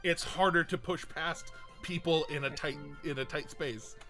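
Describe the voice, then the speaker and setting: A man narrating as game master of a tabletop game, excitable and quick to laugh. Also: on the high side, soft background music.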